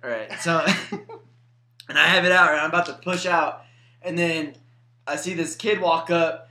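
A man's voice: on the high side, moderate pace, bright, forceful tone. A young man telling crude, laughing anecdotes in casual chat with friends. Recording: echoey room.

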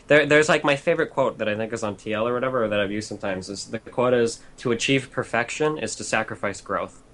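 A man's voice: medium pitch, a bit bright. A man talking casually about games, blunt and profane, ranting in long run-on stretches. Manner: blunt, profane, rapid rants. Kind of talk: casual gaming chat.

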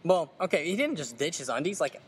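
A man's voice: a little high, a little fast, a little hiss or hum. A young man in casual podcast chat, cracking crude jokes and telling stories. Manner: animated, crude joker.

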